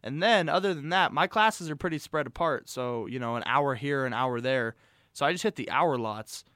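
A man's voice: medium pitch, lively intonation, moderate pace, pushed and bright, dry recording, studio quality. A young man, a college student, co-hosting a casual sports podcast in a joking, easygoing way. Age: young adult.

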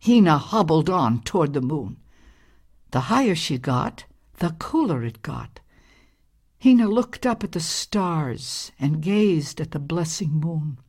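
Slow, low-voiced woman storyteller. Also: animated, a little mellow, breathy edge. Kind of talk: storybook reading aloud.

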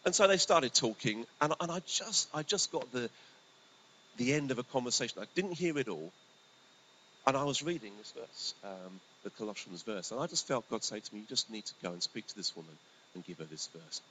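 Storytelling pastor with a conversational sermon. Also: male voice, fairly low pitch, rough recording. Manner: conversational, animated, often drops to a hushed voice. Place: church hall. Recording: faint hiss.

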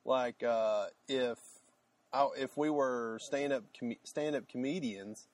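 A man's voice: mid-range voice, slow. A man co-hosting a podcast in casual chat, rambling with fillers and restarts. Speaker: podcast co-host.

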